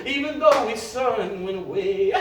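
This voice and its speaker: A man preaching a fervent sermon, filling every pause with "uh" and half-singing his lines as a congregation answers. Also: sits high, crowd noise. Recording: roomy church sound from far off. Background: congregation responding.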